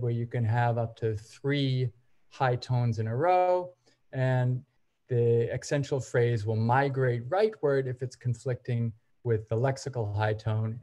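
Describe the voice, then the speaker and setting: A man with a mellow, warm voice gives an academic seminar presentation. He explains each point in a measured way and walks his listeners through examples one at a time. His pitch sits at an ordinary middle level for a man.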